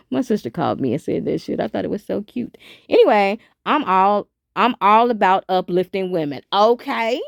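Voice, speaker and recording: A woman hosting a casual commentary stream, talking straight to her viewers and reading messages aloud into her phone. Her pitch leaps up and drops back down constantly, and she cusses freely. The sound is close and dry, with no room around it. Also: brisk, dry recording. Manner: animated, cussing, talks to viewers as y'all. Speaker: commentary channel host.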